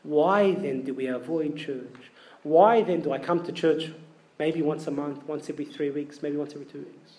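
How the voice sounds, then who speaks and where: Male preacher, high voice, conversational sermon, asks the congregation questions. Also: normal speed, dark tone. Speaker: priest.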